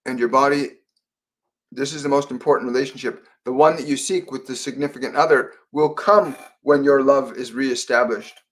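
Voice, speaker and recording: A man from Canada hosting a live psychic Q&A stream, speaking gently with frequent fillers and repeated phrases as he relays messages. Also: mid-range voice. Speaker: psychic medium host.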